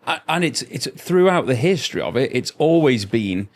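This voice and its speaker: A man's voice: mid-range voice, big pitch swings, moderate pace. A middle-aged man co-hosting a podcast, chatting casually in a rambling, anecdotal way with plenty of swearing. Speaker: podcast co-host. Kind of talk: casual chat.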